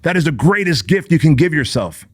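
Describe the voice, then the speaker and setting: A man hosting his own show, delivering a forceful motivational monologue in punchy, repetitive phrases with some swearing. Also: fairly high pitch, very animated, brisk, husky, no room sound, studio quality. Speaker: podcast host.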